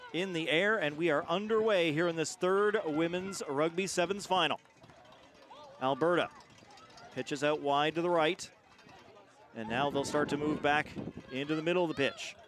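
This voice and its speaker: Energetic play-by-play man, rugby call. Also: a little high, normal speed, long pauses. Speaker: play-by-play commentator. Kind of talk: live sports commentary.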